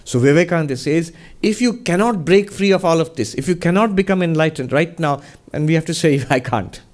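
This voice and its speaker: A man, a monk and minister, answering a question in a measured, conversational talk with storytelling. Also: on the high side, a little mellow.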